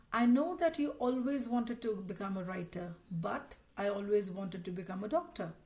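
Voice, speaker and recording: A woman's voice: a little high, a little mellow. A woman teaching a recorded grammar lesson, explaining patiently and reading out example sentences.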